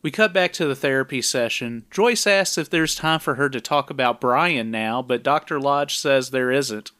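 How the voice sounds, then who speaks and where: A man with a mid-range, bright, forceful yet smooth voice speaks at a moderate pace, with no room sound. Co-hosting a podcast, he recaps a film's plot in plain, conversational narration, dropping dry asides along the way.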